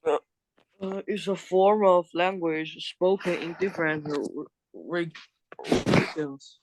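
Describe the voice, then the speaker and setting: Slow, hesitant male language student. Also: fairly high pitch, a little hiss or hum, poor audio. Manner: hesitant, halting answers with restarts.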